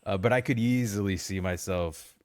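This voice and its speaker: A man's voice: low-pitched, normal speed. A man co-hosting a podcast, telling rambling stories in casual chat and laughing often. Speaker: podcast co-host.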